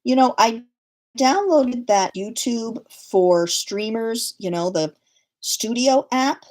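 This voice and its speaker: A woman's voice: fairly high pitch, animated, takes it slowly, darkish tone. Chatty mom woman on a home livestream. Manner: chatty and self-deprecating, laughs often. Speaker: livestream host. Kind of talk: casual livestream chat.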